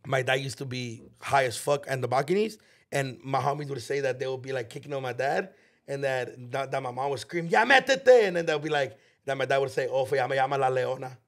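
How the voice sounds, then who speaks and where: A man's voice: medium pitch, steady tone, brisk. A man, co-hosting a casual podcast chat, telling stories in profane slang with Spanish phrases mixed in. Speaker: podcast co-host.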